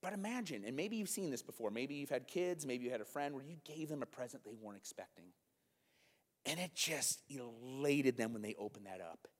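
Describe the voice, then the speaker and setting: Animated man preaching in a reverberant hall. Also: medium pitch. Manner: animated, talks to the congregation with asides and quick acted-out quotes. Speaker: pastor. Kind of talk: sermon.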